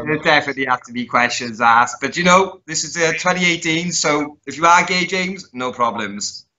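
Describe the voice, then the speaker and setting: A man co-hosting a casual podcast, making dry deadpan jokes with hesitant ums. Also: a little high, moderate pace. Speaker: co-host. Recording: slightly dull lo-fi sound.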